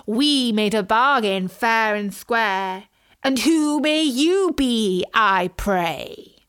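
A woman voicing a strong but not very clever male wolf in a storybook, speaking slowly and courteously. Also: fairly high pitch, animated, a bit bright, smooth, heavily acted.

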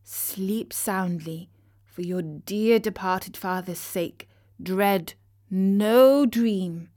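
Practical hen wife, gently bossy, slow and soothing, read by a woman. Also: mid-range voice. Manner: scolding, then soft and soothing.

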